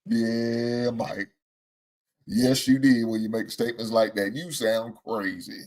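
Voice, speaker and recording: He's the host of an easygoing sports talk show, speaking slowly at a medium pitch. His delivery is lively and exclamatory, peppered with Southern American slang and lots of laughs.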